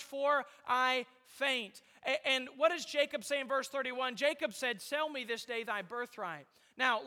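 A male pastor preaching a sermon to his congregation with repetitive, emphatic phrasing and pauses. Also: extremely high pitch, sharp tone. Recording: long reverb of a church hall.

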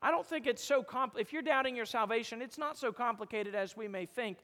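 High-voiced preacher in a reverberant hall. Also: male voice, fairly quick. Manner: rises to loud emphatic peaks, drops to soft low lines; quotes King James scripture. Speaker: pastor. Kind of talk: sermon.

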